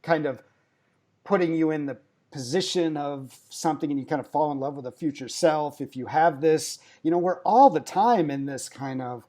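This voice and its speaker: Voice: mid-range voice, normal speed, warm tone. Podcast host asking long musing questions. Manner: thoughtful, searching questions with many fillers. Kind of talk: podcast interview.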